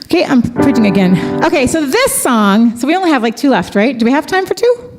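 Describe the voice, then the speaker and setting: A middle-aged woman worship leader telling a heartfelt story between songs at a church concert, chatty and quick to laugh. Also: sits high, very animated, darkish tone, soft background music. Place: church event space.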